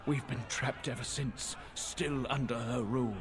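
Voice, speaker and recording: A man's voice: medium pitch, steady tone, measured pace, in a large hall, background noise, close to an everyday voice. An actor voicing an aggrieved male villager ghost in a video game, speaking bitterly. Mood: grim.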